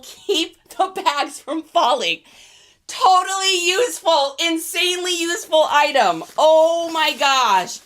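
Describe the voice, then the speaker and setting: A young adult woman hosting a casual livestream, chatty and excitable, laughing often. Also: high voice. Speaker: reseller livestream host.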